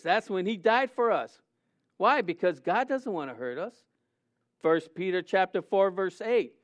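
A man preaching a sermon, animated and conversational, often acting out quotes in a raised voice. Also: sits high, measured pace. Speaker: pastor. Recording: dull lo-fi sound.

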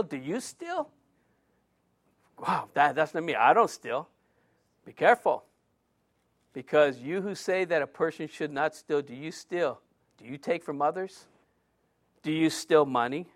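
A man's voice: a little high, fairly bright tone. A middle-aged male preacher giving a conversational sermon, full of rhetorical questions and joking asides.

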